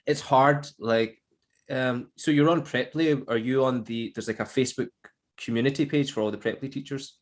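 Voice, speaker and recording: A man's voice: medium pitch, moderate pace. Man telling a story in casual chat. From Scotland. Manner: animated storytelling, acts out quotes with laughs. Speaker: online English teacher and podcast host.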